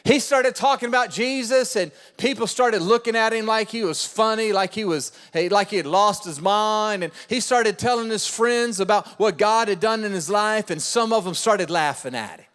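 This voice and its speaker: A man's voice: sits high, normal speed, few pauses, a bit bright, clean tone, big-room sound. A male pastor preaching a sermon, emphatic and given to repeating key phrases. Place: church auditorium.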